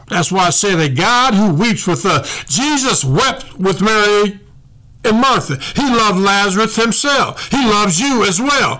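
A male pastor preaching a sermon in a fervent, conversational way, talking straight to his listeners and swinging between quiet reflection and loud praise. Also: high-pitched, animated, measured pace.

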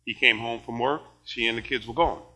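An older man preaching a sermon, animated and laughing often, moving between shouted praise and quiet storytelling. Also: mid-range voice, fairly quick, husky, low-quality recording. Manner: laughs often while talking.

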